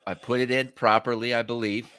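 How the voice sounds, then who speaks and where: A man's voice: mid-range voice, level tone, brisk, a bit bright, smooth. Easygoing man hosting a stream. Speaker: host. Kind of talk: casual livestream chat.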